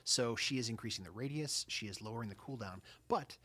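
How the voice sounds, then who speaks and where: A man's voice: mid-range voice, a little fast, bright, forceful tone, slightly rough. A man explaining game mechanics casually, with hesitant starts and dry, joking asides.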